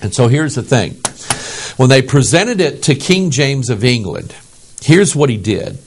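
A man's voice: medium pitch, a little slow, a little hiss or hum. A pastor from the United States preaching a sermon in an emphatic way, often checking in with his listeners. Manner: animated, emphatic, asks the audience "okay?".

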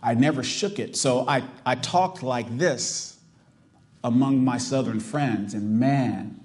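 This middle-aged Southern pastor, whose accent is Californian, delivers his sermon slowly in a medium-pitched, slightly mellow voice. He preaches with emphasis and poses rhetorical questions to the congregation.

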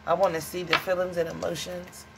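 A woman's voice: on the low side, little pitch movement, brisk, vocal fry, heavy background noise. A woman giving a casual tarot reading to viewers, blunt, profane and dramatic, calling them honey and child. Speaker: tarot reader.

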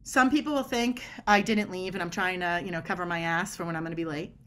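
A woman guest on a podcast explaining body language in an energetic, emphatic way. She often acts out little quoted dialogues as she makes her points. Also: lowish voice, fast, slight background noise. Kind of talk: animated podcast conversation.

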